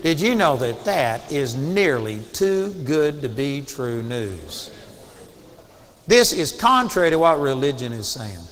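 A man preaching a sermon in an earnest, emphatic way, moving between quiet storytelling and raised exhortation. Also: medium pitch, sing-song, slow pace, in a large hall.

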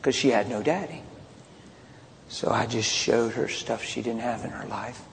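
A man preaching a sermon, mixing loud outbursts with hushed personal confessions as he tells a story. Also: mid-range voice, unhurried, gravelly, slight background noise. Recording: long hall reverb, faint ambience.

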